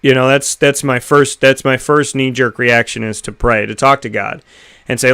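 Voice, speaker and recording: A man's voice: mid-range voice, steady tone, unhurried, gravelly, pauses often, pushed and bright, clean tone. An American man hosting a talk show segment, giving an earnest, reflective motivational talk full of rhetorical questions. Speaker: radio show host.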